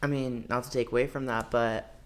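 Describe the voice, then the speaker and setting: A man's voice: mid-range voice, fairly even intonation, fairly quick, a bit bright, a little hiss or hum. A man co-hosting a podcast, chatting casually and enthusiastically in support of his guest. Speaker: podcast co-host.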